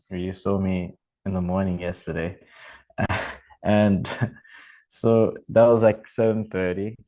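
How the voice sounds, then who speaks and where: Man with a low-pitched voice, easygoing temple speaker telling a story in loose, halting speech. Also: a little mellow, poor audio. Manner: rambling, with many fillers and restarts. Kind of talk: informal religious talk and storytelling.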